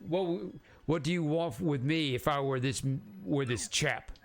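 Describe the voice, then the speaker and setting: Guy doing a gruff old retired sailor, prim and stiff, slow and dismissive, video game voice. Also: on the high side, pitched above the performer's own voice. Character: gruff old retired sailor who wants to be left alone.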